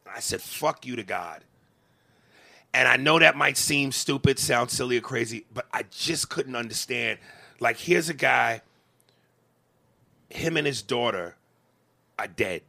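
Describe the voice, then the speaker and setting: Gravelly, bright-voiced man ranting. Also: medium pitch, lively intonation, a little slow, pauses often. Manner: passionate, profane, stammering restarts. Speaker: podcast co-host. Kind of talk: emotional podcast rant.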